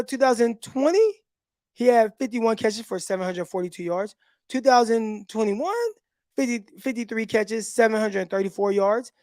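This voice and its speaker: A man hosting a casual livestream, telling stories in an animated way with laughs, talking into a phone. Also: very high-pitched, no room sound, clean studio sound. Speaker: podcast host and former football player.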